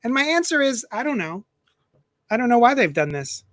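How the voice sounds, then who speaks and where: A man with a fairly high voice hosts a live comic unboxing, chatting animatedly and poking fun at himself. His desk microphone picks him up close and dry, with little room sound. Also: moderate pace, no room sound. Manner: chatty, animated, self-mocking asides. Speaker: comic shop host.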